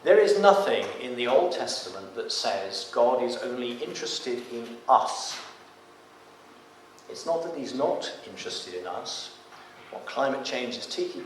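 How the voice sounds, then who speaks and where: A man delivers a sermon at a middle pitch. When he reads scripture, his voice swells loud and emphatic. The sound is heavily echoey and picked up from a distance in a church, with a faint hiss behind it. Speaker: preacher.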